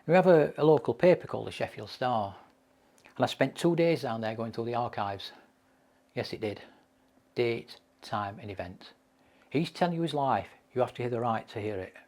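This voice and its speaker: A man's voice: mid-range voice, expressive, normal speed, darkish tone. A man giving a mental health training lecture, telling case stories with emphatic repetition.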